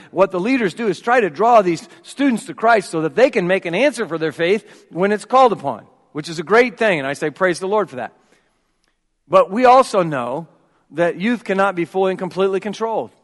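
A man's voice: high-pitched, a bit bright. A male pastor, delivering an earnest, reasoning sermon with frequent restarts. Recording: reverberant hall.

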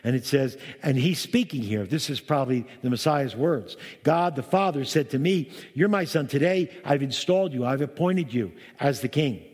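A man's voice: expressive, normal speed, hardly any pauses, a little mellow, slightly rough. A man preaching a sermon, reading scripture aloud with emphatic, rising delivery and breaking off to explain it. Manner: emphatic, reads verses aloud with rising pitch. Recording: long hall reverb.

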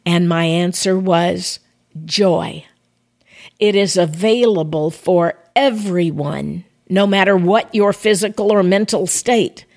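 A woman's voice: on the low side, slow, darkish tone. Earnest older woman giving a devotional talk. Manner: earnest, conversational, addresses listeners directly. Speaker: ministry podcast host.

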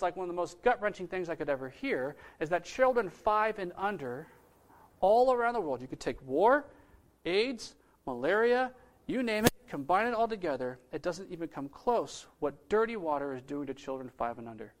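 Pastor guy preaching a story, pretty high voice, super animated, goes loud then real quiet. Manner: animated, casual storytelling with sudden swings from loud to hushed. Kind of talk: storytelling sermon to an audience.

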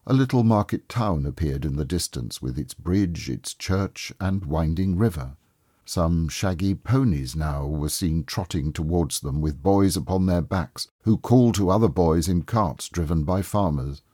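Deep, slow, husky male storyteller. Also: no echo, studio quality. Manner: calm, measured and expressive. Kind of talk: storybook narration.

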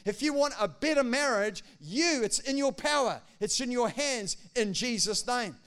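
A male pastor preaching a sermon, animated, acting out quotes and swinging between loud declarations and hushed asides. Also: very high voice, moderate pace, smooth.

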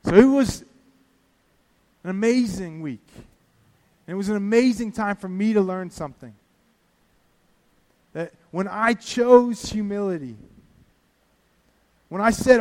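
A man's voice: high-pitched, a little slow, pauses often, darkish tone, long reverb tail. A man preaching a sermon and telling a story from his own week, animatedly acting out the prayers he said. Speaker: pastor.

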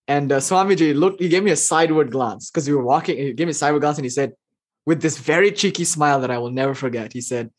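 A man giving a casual spiritual talk, telling stories and acting out quotes with big jumps in pitch. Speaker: spiritual teacher.

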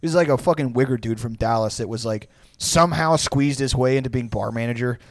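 A man's voice: mid-range voice, fairly quick, dry recording, studio quality. A young man, telling rambling, profane stories as a podcast co-host in casual chat. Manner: laid-back, profane, rambling storyteller.

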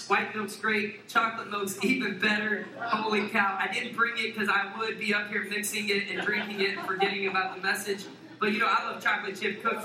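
A man preaching a sermon as pastor, playful and joking as he talks to the congregation. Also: high voice. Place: church sanctuary. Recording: echoey church hall from far off with congregation.

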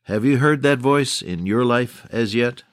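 A man's voice: mid-range voice, measured pace, no echo, studio quality. A man preaching a sermon in an earnest, fervent old-style manner, quoting scripture as he speaks. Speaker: radio preacher.

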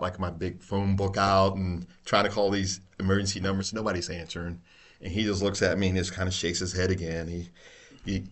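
Low-voiced man telling cop stories. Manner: animated storyteller, swears freely, laughs a lot. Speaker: podcast host, retired police officer. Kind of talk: casual storytelling chat.

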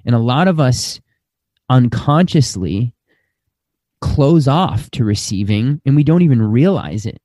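A man with a mellow, relaxed voice of middle pitch speaks as a spiritual teacher. His talk is earnest and reflective, and he slows down on the words he stresses. The sound is dry and close, with no room around it. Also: no echo. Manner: slow, earnest, drawn-out emphasis.

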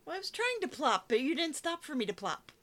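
A woman's voice: sits high, sing-song, brisk, a bit bright. A woman reading a story for a podcast, giggling, doing sound effects and losing her place. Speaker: podcast co-host and reader.

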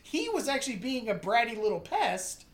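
A woman chatting casually about a movie, animated, swearing now and then and acting out lines in character voices. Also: on the high side, normal speed. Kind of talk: casual movie review chat. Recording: echoey room.

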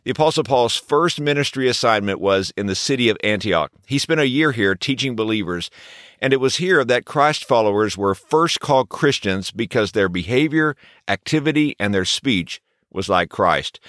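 A man's voice: mid-range voice, a bit bright, dry recording. Male devotional host, earnest, asks rhetorical questions; dry close mic. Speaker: podcast host. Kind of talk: devotional podcast teaching.

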